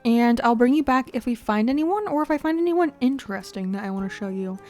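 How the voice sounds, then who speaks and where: A woman's voice: fairly high pitch, animated, quick pace, a little mellow, soft background music. A young woman giving chatty, playful commentary while playing a video game, laughing often and talking to her viewers. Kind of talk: casual gameplay commentary.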